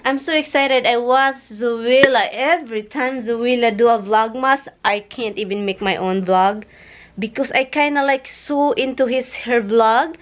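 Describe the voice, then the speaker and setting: A woman's voice: a little high, measured pace. A Filipina woman with a Filipino accent, vlogging casually at home and cooing to her dogs. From Philippines. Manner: chatty, coos and baby-talks to her dogs. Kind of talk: casual vlog chat.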